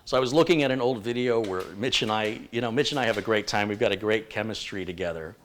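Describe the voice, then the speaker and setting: A man's voice: on the low side, quick pace, a bit bright, a little hiss or hum. A man hosting a casual livestream, joking and rambling as he reads out viewer greetings. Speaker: livestream host.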